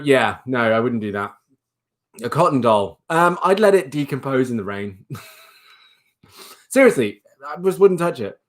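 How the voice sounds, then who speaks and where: A man hosts a casual livestream, rambling and laughing as he reads out viewer comments. He coos at a pet rabbit in a high baby voice.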